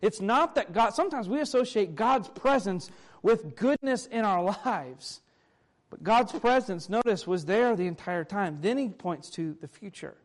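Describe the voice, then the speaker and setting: Male pastor, fairly high voice, preaches a sermon, reads verses aloud and unpacks them. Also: expressive, a little slow. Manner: reads scripture aloud, then explains it.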